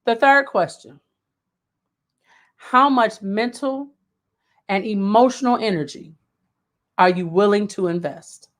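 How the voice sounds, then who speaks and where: A woman's voice: medium pitch, slow, long pauses. A woman hosting a live self-help talk, speaking emphatically and repeating key points for emphasis. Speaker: host.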